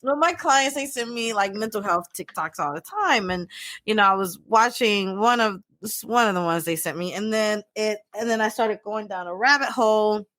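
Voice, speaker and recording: A woman's voice: medium pitch, moderate pace, fairly bright tone, no echo, clean studio sound. A woman co-hosting a podcast as a mental health professional, chatting casually and animatedly, laughing often and acting out quotes. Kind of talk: casual chat.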